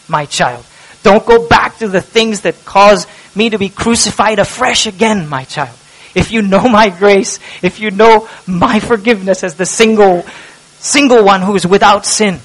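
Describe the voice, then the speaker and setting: A man with a high, light voice preaches a sermon. He moves from hushed, tender lines to loud, impassioned cries, with a steady preaching pulse. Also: unhurried, poor audio. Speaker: pastor.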